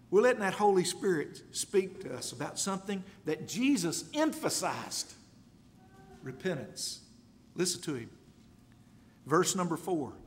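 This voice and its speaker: A man's voice: fairly high pitch, a little hiss or hum. A man preaching a sermon, reading scripture aloud and repeating key words for emphasis. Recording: long reverb of a large hall.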